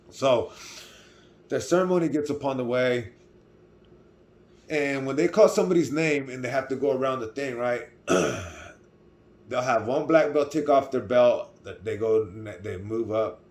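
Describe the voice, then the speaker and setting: Telling a personal story on his casual vlog, a middle-aged man with a Californian accent wanders through it with restarts, frequently asking "right?" He speaks at medium pitch with a darkish tone.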